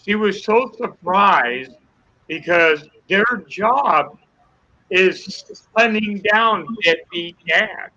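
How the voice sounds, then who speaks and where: A man's voice: high voice, extremely slow, pushed and bright, highs cut off. An older man, a guest, telling an emotional personal testimony, acting out the dialogue as he goes. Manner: earnest storyteller acting out dialogue.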